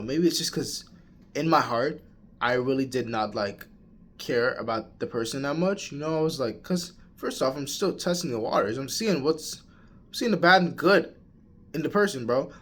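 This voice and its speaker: A young man in college talking casually to camera, rambling with restarts and calling the listener "bro.". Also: on the high side. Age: young adult. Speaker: college student. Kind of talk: casual vlog rant.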